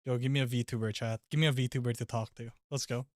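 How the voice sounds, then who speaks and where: Excitable, swearing male streamer. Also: mid-range voice, fast, no echo, clean studio sound. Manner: excitable and loud, swears, laughs often. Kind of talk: casual live-stream chat.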